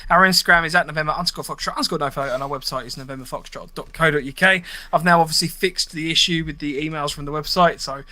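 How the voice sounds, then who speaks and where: A man's voice: fairly high pitch, fast talker, hardly any pauses, sharp tone, no echo. A man hosting a podcast, chatting casually and then wrapping up the show with contact details. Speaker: podcast host. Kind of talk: casual chat and show sign-off.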